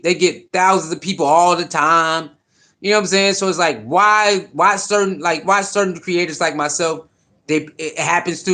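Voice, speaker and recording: A man with a high-pitched voice talks fast and loose on a live stream, repeating himself for emphasis. His speech is slangy and animated, and he calls out to viewers in the chat as he talks sports. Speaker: sports livestream host. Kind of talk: casual livestream sports talk.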